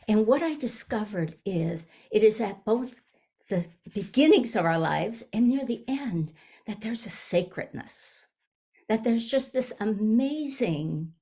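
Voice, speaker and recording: A woman in her seventies, a minister giving a gentle, reflective sermon, often pausing and restarting her phrases. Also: mid-range voice, breathy edge. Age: 70s. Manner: gentle, searching, with frequent restarts. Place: online service.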